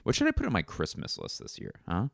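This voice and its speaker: A man's voice: lowish voice, wildly swooping pitch, fast talker, vocal fry, no room sound, whispered, clean studio sound. A young man hosting a solo comedy podcast, rambling through crude, self-mocking riffs. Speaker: podcast host.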